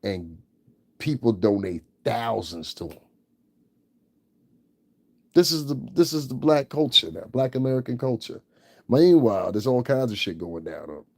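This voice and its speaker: A man's voice: medium pitch, expressive, measured pace, creaky, long pauses, darkish tone, no echo. A man hosting his own channel, giving blunt, profane and scornful commentary. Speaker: channel host. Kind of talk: ranting livestream commentary.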